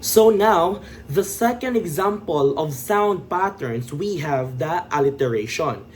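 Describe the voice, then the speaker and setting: A man's voice: on the high side, animated, unhurried, a little mellow, faint music behind. A young man giving a classroom presentation, switching between English and Cebuano as he explains. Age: young adult. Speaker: student presenter.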